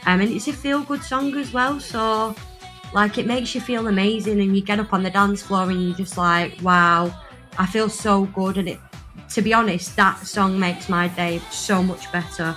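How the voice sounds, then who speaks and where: A woman's voice: medium pitch, fairly even intonation, normal speed, a bit bright, faint music behind. A woman recording a chatty, gushing voice message, full of fillers. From northwest England. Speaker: listener sending a voice message.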